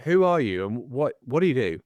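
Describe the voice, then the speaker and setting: A man hosting a podcast in casual, joking chat, relaxed and swearing freely. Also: medium pitch, a little fast, no echo. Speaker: podcast host.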